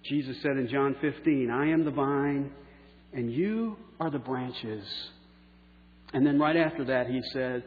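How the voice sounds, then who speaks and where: A pastor preaching a sermon, slowing down for key phrases and letting line endings trail off softly. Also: male voice, mid-range voice. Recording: echoey hall on a tinny phone-like line.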